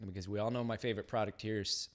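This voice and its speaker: A man's voice: lowish voice, fairly even intonation, rapid-fire. A man co-hosting a live-stream podcast, giving beard styling advice in a laid-back, slangy way with many filler words. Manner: laid-back, slangy, many 'uh's, laughs at own slips.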